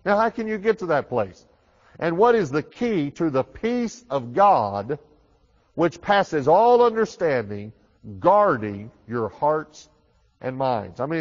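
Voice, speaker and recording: Man preaching with big swings in volume. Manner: dynamic preaching, rises loud on key phrases then drops low and quick; repeats words and restarts often, conversational. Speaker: pastor. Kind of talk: sermon. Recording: dull reverberant hall recording.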